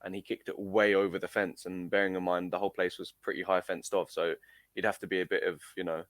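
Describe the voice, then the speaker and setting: A man's voice: low voice, little pitch movement, quick pace, fairly bright tone, dry recording. A young man telling a story in an interview, hesitant, with many fillers and restarts. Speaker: amateur footballer guest. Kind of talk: casual recounting in an interview.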